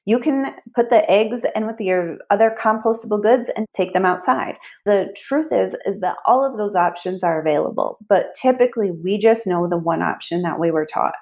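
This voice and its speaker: A woman money mindset coach speaks as a podcast guest, explaining her ideas earnestly. Her pitch sits in a middle range, and she often pads her sentences with "like". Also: normal speed, few pauses, a little mellow. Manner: earnest explaining, many "like" fillers.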